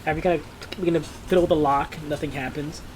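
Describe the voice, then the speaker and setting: A man running a tabletop game as game master, describing scenes and calling for rolls in quick, lively narration. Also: fairly high pitch, background noise.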